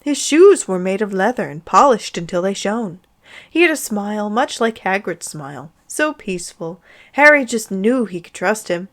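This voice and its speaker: A woman reading fan fiction aloud as a comedic dramatic reading, with amused, sarcastic asides. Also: medium pitch.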